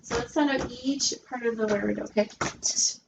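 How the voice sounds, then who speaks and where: A woman's voice: on the high side, vocal fry, background noise. Patient woman tutoring a child. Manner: patient, encouraging, sounds out letters slowly. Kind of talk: reading lesson with a young child. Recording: echoey room recording.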